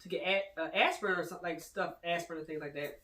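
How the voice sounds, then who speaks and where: A woman hosting a casual book discussion, retelling the plot in a chatty, animated way with many fillers. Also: fairly low pitch, fast talker, a loud crowd. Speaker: host. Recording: echoey room, distant mic, faint noise.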